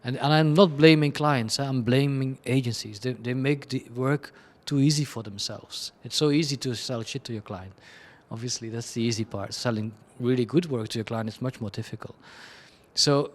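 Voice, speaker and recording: A man, a creative director, answering interview questions in a candid, chaotic way, bluntly and with self-deprecating asides. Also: medium pitch. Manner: chaotic, rambling, frequent restarts and laughs.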